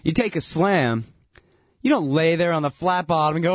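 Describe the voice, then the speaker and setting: A man's voice: normal speed, no room sound, clean studio sound. A man ranting in a casual, sarcastic way, laughing between points and mocking others in whiny voices. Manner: mocking, breaks into whiny falsetto impressions.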